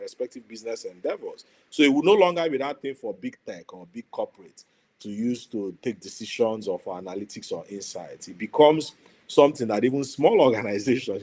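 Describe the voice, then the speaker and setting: A man, speaking as a guest on an online panel over a video call, measured and pausing with fillers. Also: medium pitch, darkish tone, husky. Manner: measured, many fillers and restarts.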